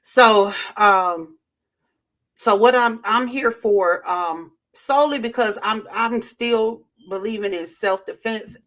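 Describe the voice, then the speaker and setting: Southern woman, livestream host, loose chatty delivery, greets viewers by name, lots of ums and restarts, mid-pitched voice. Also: takes it slowly, fairly bright tone. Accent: Southern American. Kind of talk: casual livestream chat.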